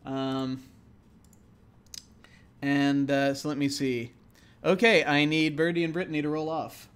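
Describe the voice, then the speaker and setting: A man's voice: on the high side, level tone, clean tone. A man running a tabletop role-playing game, talking casually with many fillers and restarts. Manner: halting, many fillers and restarts, laughs often. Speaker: game master.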